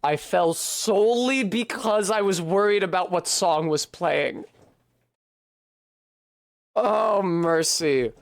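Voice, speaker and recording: A man's voice: high-pitched, measured pace, few pauses, dry recording, clean studio sound. A man rambling casually and poking fun at himself while streaming a video game, swearing now and then. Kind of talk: casual commentary while playing.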